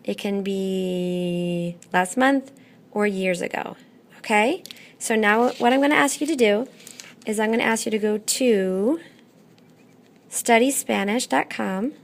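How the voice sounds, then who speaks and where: Slow, gravelly-voiced woman teacher. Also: medium pitch. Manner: slow, patient, checks in with "okay?" often. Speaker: Spanish teacher. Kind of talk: classroom lesson.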